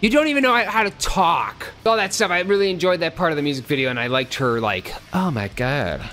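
A man's voice: high-pitched, expressive, quick pace, bright, forceful tone. A man hosting a casual music reaction, joking around with profane, goofy asides. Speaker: music reaction channel host.

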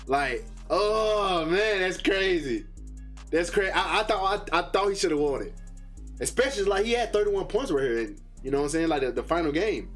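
Excitable, profane reaction-video man. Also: moderate pace, soft background music. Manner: excitable and profane, jumping from loud high outbursts to low muttering. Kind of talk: casual reaction commentary.

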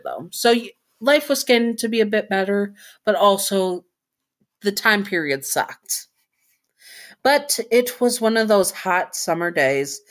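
Brief: woman storyteller, casual and chatty, low voice, stops to correct herself. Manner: chatty, self-correcting asides. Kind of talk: casual fan-fiction narration.

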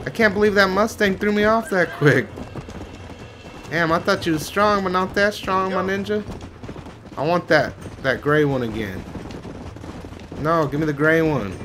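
Slow-talking profane gamer man. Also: on the high side. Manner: frustrated, profane, exclaiming at the game. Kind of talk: gameplay commentary.

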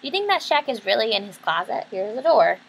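A woman's voice: on the high side, very animated, quick pace, vocal fry, a little hiss or hum, low-quality recording. A woman reading a picture book aloud, chatty, stopping to explain the story in her own words. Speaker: reader.

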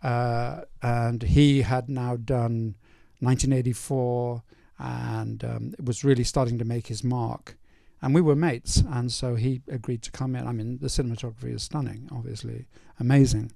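An older male film director in a casual stage Q&A, telling anecdotes in a relaxed way with many fillers. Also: mid-range voice, moderate pace, gravelly, few pauses, no room sound, studio quality. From North East England. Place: cinema auditorium.

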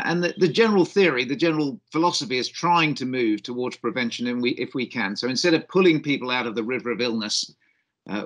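A man's voice: mid-range voice, fairly bright tone. A middle-aged man with a faint Australian twang, giving a cheeky, jokey conference keynote as a doctor over a video call. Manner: cheeky, jokey, self-deprecating.

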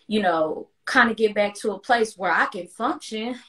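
A young woman with a Southern US accent, a singer being interviewed, speaking haltingly and emotionally with frequent restarts. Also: medium pitch, a bit bright. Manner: halting, emotional, laughs often. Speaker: guest singer.

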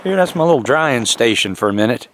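A man's voice: medium pitch, lively intonation, fast talker, a little hiss or hum. A man chatting cheerfully to the camera while camping in snowy woods. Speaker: outdoor vlogger. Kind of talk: casual narration to camera. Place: snowy woods campsite outdoors.

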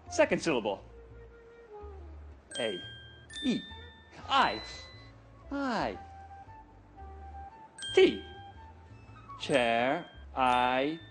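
An actor playing a pompous, bumbling police detective in a sitcom for English learners, speaking slowly and theatrically. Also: male voice, on the high side, fairly bright tone, heavily acted. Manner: slow, theatrical, self-important.

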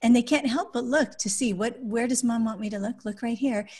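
Soft-spoken woman giving parenting advice. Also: fairly high pitch, brisk, husky. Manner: warm, explaining with practical examples. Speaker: guest, adoptive parent and author. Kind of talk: podcast interview conversation.

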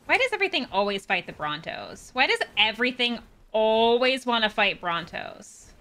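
A young woman playing a video game and commenting on it, chatty and animated, jumping between high squeals and low mutters and cooing at the creatures on screen. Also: normal speed. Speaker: gaming streamer. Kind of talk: let's play commentary.

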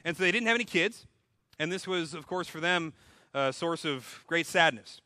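Casting: a male pastor with a high, bright voice, casual humorous sermon delivery. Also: expressive, normal speed, no echo. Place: church.

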